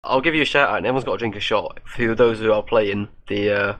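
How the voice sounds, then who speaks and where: A man's voice: lowish voice, fast talker, fairly bright tone, dry recording. A man casually commentating a gaming league draft on a stream, joking and laughing often. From Europe.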